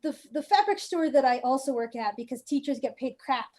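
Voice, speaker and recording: A woman chatting casually as a guest, her voice pitched high. She rambles with plenty of "like" fillers and a wry, offhand humor. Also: animated, fairly quick, darkish tone. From United States. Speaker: guest cosplayer. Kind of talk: casual interview chat.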